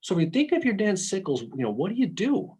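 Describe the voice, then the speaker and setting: A man's voice: sits high, wildly swooping pitch, fast, a little mellow, husky. A man talking through a history topic on a casual podcast, thinking aloud with frequent restarts. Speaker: podcast panelist.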